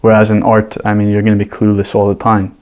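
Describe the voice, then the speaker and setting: A man speaking as a podcast guest, laying out his argument in long, casual explanations built on examples. His voice sits low and stays fairly flat, with little rise and fall. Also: quick pace. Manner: explains points at length with examples. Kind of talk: casual conversational interview.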